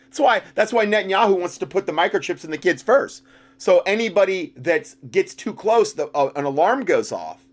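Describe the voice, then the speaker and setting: A man with a slightly raised pitch, reading documents aloud and cutting in with sarcastic commentary. He mocks what he reads and breaks into loud, exaggerated outbursts. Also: animated, moderate pace. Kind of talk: sarcastic commentary with read-out passages.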